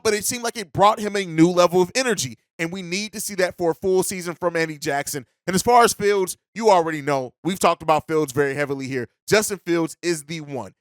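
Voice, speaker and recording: A man hosting a sports podcast, talking casually and emphatically, getting loud and excited. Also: sits high, no echo, clean studio sound. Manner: excitable, emphatic, swears for effect. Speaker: podcast host.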